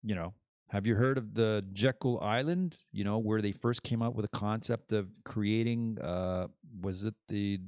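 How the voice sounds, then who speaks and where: A man's voice: lowish voice, moderate pace, a little mellow, dry recording. A man hosting his own podcast in a casual, rambling monologue that drifts between topics and laughs at his own jokes. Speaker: podcast host.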